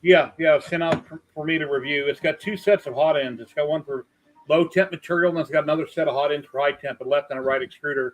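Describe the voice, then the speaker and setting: A man's voice: on the high side, fast talker, noisy background. A man in a casual live chat, matter-of-factly explaining a machine he is reviewing. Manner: matter-of-fact product explainer. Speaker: guest reviewing a printer.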